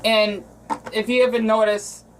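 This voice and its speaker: A man from Arizona talking in a casual cooking vlog, rambling and emotional, with frequent restarts and halting phrases. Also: high voice, level tone, fairly bright tone, a little hiss or hum, poor audio. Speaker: vlogger.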